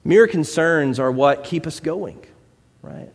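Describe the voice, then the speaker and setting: A man's voice: a little high, expressive, slow, vocal fry. A man preaching a conversational sermon, asking rhetorical questions and telling stories. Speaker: pastor. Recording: long hall reverb.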